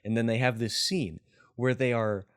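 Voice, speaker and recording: This podcast host and movie reviewer talks at a normal speed in a smooth, mid-range voice. Eager and excited, he rambles through a casual review chat, laughing and using plenty of fillers.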